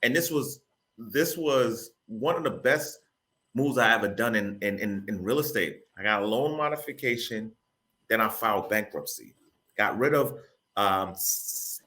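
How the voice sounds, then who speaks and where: A man from the Boston area, a real estate broker, telling his story as an interview guest in an animated, casual way, repeating words and using informal grammar. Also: on the low side, a little slow. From Boston area, Massachusetts.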